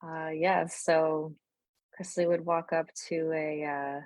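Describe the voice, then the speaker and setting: A woman game master sets the scene at a tabletop game, relaxed and descriptive, her voice a little low. The sound is dry and close. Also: slow pace, no echo, poor audio.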